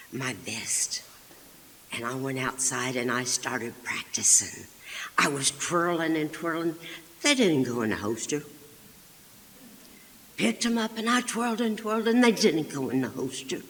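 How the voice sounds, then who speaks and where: A woman storyteller performing live, unhurried and animated. She throws in sound effects and drops to hushed, whispered asides in a slightly husky voice. A long reverb trails behind her in a big hall. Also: sits low.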